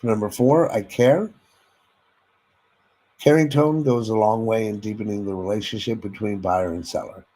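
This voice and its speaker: Male sales trainer, lowish voice, instructive delivery that demonstrates tones and checks in with listeners. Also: moderate pace, warm tone, rough recording. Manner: instructive, addresses listeners directly with frequent "okay?"; demonstrates vocal tones and inflections while teaching.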